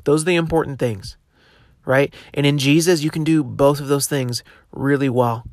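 A man's voice: fairly high pitch, fairly even intonation, moderate pace, dry recording. Man, young adult, podcast host, casual devotional talk, encouraging, dry close sound. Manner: conversational, encouraging, many fillers and restarts.

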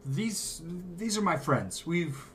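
A man's voice: on the high side, very animated, slow, a bit bright. A man in a tabletop game, speaking as his character with urgent, stammering questions. He repeats words as he presses for answers. A faint hiss of ambience runs beneath. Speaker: player.

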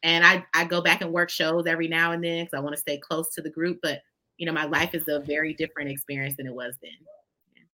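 Woman, lower voice, bright tone, expressive storyteller, folksy guest. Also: fast talker. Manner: expressive, folksy, addresses listeners as "y'all". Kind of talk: conversational storytelling.

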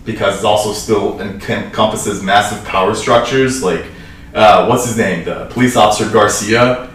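A man's voice: on the low side, moderate pace, fairly bright tone. A man giving his take on a film in casual talk, opinionated and full of "like" and "right?". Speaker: film podcast co-host. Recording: echoey room, far mic, faint hiss.

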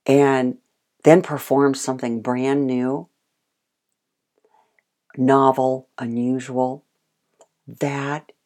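A woman giving a dog-training lesson, animated, acting out praise and the dog's thoughts. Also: rumbling low. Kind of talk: instructional talk.

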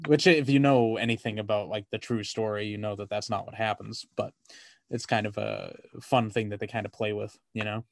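A man's voice: on the low side, steady tone, fairly quick, creaky, dry recording. A man co-hosting a podcast, chatting casually about a movie, rambling with lots of "like" and swearing freely. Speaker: podcast co-host.

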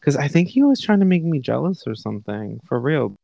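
Gravelly young man telling gossip. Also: a little high, fairly quick, no echo, low-quality recording. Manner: candid, profane, animated retelling of conversations. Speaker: podcast host. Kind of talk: casual storytelling. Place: home. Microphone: live online call setup.

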